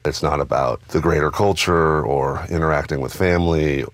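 A man who owns bars, talking in an interview in a thoughtful, measured, explanatory way. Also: extremely low pitch, dry recording. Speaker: bar owner and spirits author. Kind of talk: reflective interview talk. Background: music.

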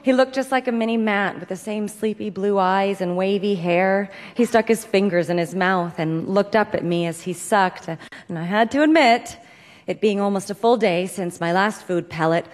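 Deadpan woman telling a comic story in a hall. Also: medium pitch, normal speed. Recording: long hall reverb.

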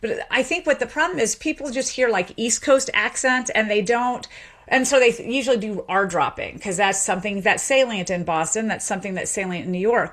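A woman's voice: a little high, fairly bright tone. Articulate woman explaining accents. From American South. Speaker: linguist guest. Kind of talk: interview, expert explanation.

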